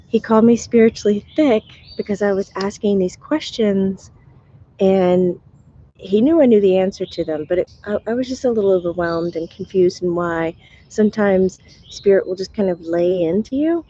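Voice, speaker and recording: A woman's voice: medium pitch, warm tone, muffled recording. Tired woman, chatty and laughing. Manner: laughing, chatty, greets viewers. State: tired morning voice. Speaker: spiritual medium hosting a live stream. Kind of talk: casual live-stream chat.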